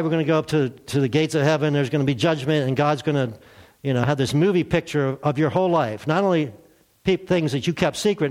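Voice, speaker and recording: Conversational preacher man, slightly high voice. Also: a little mellow. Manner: conversational, rhetorical questions, light jokes. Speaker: pastor. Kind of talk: sermon. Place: church.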